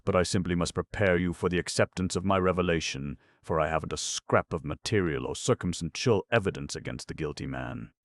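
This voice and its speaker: A man reading an audiobook, voicing a languid, foppish gentleman detective with an unemotional, mocking drawl. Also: low voice, fairly quick, few pauses, dry recording, clean studio sound. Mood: drawling, amused.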